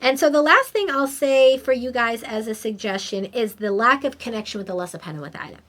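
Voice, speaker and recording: A middle-aged woman hosting a podcast, telling a story in an animated, emphatic, conversational way. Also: fairly high pitch, a little fast. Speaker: podcast host. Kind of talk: casual storytelling monologue.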